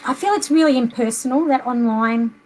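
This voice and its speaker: A middle-aged Australian woman with a high-pitched voice chats casually. She rambles a little and leans on lots of fillers as she talks. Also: fairly quick, darkish tone. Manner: chatty, rambling with many fillers. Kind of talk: casual chat.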